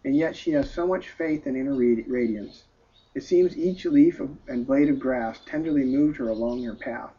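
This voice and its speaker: Man doing an anguished humble friar, soft tearful pleading, husky tone, dull lo-fi recording. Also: medium pitch, moderate pace, natural voice.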